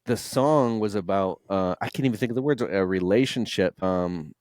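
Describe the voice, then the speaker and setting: A man's voice: fairly low pitch, normal speed, darkish tone, no room sound, clean studio sound. A man in his late thirties, a guest entrepreneur, telling candid, emotional personal stories in conversation, swearing freely. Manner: raw, emotional, swears freely, mimics voices.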